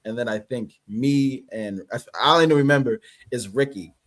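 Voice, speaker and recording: Canadian male guest, husky, rambling, loose chat. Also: medium pitch, normal speed. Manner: loose, rambling, many fillers. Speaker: actor guest. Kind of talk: casual interview chat.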